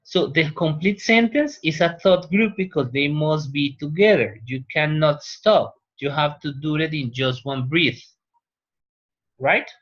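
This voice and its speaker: A man's voice: on the high side, expressive, fairly bright tone. A male teacher whose first language is Spanish, lecturing a class in a classroom and often checking in with "right?". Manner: unhurried, pauses, checks with "right?". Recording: dull lo-fi classroom recording.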